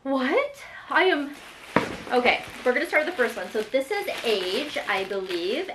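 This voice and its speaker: A woman's voice: high voice, very animated, a little slow, background noise. Young woman vlogger, effusive and chatty, recorded in a roomy space. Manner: gushing, emotional, chatty with many fillers. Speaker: lifestyle vlogger. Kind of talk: excited unboxing chat. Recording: echoey room with faint ambience.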